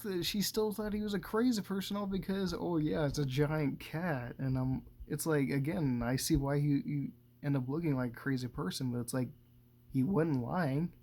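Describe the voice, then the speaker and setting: A man's voice: medium pitch, a little mellow. Laid-back cussing guy recapping a movie. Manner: profane, laughing often, loose and meandering. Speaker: movie commentator. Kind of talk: casual rambling movie recap.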